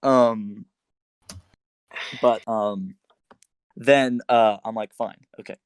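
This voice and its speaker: A man's voice: on the low side, steady tone, very slow, clear, resonant tone, no room sound. A young man on a casual podcast, retelling a breakup story with lots of fillers and restarts, switching into raised voices when he quotes others. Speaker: podcast guest telling a story.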